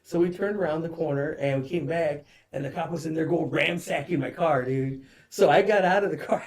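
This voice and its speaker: A man in his forties talks as a guest on a casual show, his voice sitting a bit higher than most men's. He rambles through a story with restarts, swearing freely and tossing in "dude" at every turn. His tone stays loose and conversational. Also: brisk, hardly any pauses. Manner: rambling, profane, says "dude" constantly.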